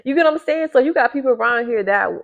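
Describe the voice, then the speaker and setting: A woman talks casually to viewers, repeating herself for emphasis and jumping high in pitch when she gets worked up. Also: lively intonation, racing, gravelly. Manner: keeps her voice down at first with a sleeping baby nearby. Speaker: vlogger giving a reading to viewers. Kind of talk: casual direct-to-camera talk. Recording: slightly dull lo-fi sound.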